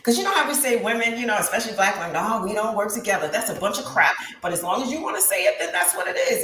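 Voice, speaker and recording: A woman's voice: mid-range voice, lively intonation, fast, hardly any pauses, a bit bright. A woman in her thirties giving an impassioned testimony in an interview, with a preacher-like rise and fall. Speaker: guest talk show host. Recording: roomy echo with faint background hiss.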